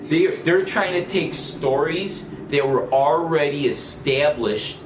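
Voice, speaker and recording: A man's voice: on the high side, takes it slowly, a little hiss or hum. Rambling, profane man in an echoey room. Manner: rambling, profane movie rant. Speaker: gaming livestreamer. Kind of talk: casual chat while streaming.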